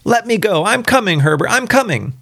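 A man doing a shrill, frantic old woman. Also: big pitch swings, takes it slowly, gravelly, fairly bright tone, heavily acted. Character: frantic elderly woman desperate for her son.

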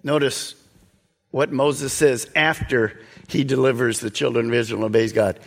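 A man preaching a sermon, earnest and exhorting, sometimes dropping to a soft, slow voice. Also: mid-range voice, steady tone, gravelly, big-room sound. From United States. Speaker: pastor.

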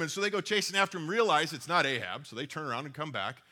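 A male pastor preaches in a relaxed, conversational storytelling manner. His voice is bright and forceful, and it sits a little high for a man. He reads scripture and retells stories as though chatting with his listeners. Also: fast talker, hardly any pauses. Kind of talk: sermon.

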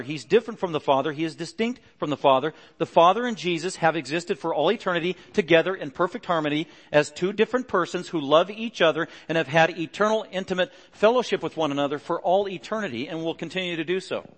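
A middle-aged male pastor preaching a sermon earnestly, pressing harder and louder on key points. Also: on the high side, brisk.

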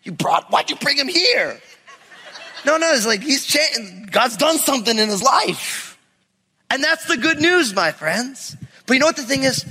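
A man from New York preaching a sermon as pastor, animated and conversational, acting out stories. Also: extremely high pitch, big-room sound. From New York area. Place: church sanctuary.

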